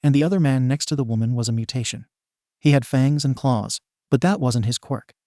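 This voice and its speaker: A man reading a fan fiction story aloud in a plain, steady way. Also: mid-range voice, fairly quick, no echo, studio quality. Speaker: narrator.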